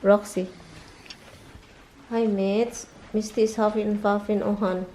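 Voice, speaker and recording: A woman's voice: medium pitch, level tone, unhurried, long pauses, warm tone, slight background noise. A woman with a Filipino accent talks casually with her husband and coos at her pets in a home vlog. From Philippines. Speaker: vlogger.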